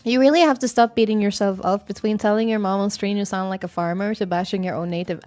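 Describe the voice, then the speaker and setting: Young woman streamer, southern Swedish accent, mid pitch, chatty musing tone, dry close sound. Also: steady tone, fast talker, no room sound, soft background music. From Sweden. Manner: chatty and musing, thinks aloud with fillers and soft laughs. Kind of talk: casual chat, reading chat aloud.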